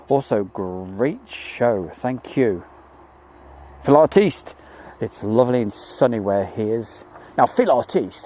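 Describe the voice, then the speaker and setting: A man's voice: medium pitch, expressive, measured pace, warm tone, a little hiss or hum. A man hosting a live plane-spotting stream, chatting jokily and reading out viewer messages. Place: outdoors at an airfield.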